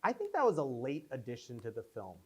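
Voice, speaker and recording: Young guy after a screening, chatty, rambly, lots of likes, middle pitch. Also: fast, slightly rough. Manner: rambling, animated storytelling with many fillers. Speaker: filmmaker at Q&A. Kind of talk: casual post-screening Q&A.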